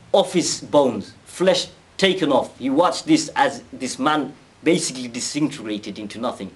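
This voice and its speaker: Animated male storyteller, fairly high voice. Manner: animated, acts out quoted speech, frequent restarts. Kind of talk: casual storytelling talk.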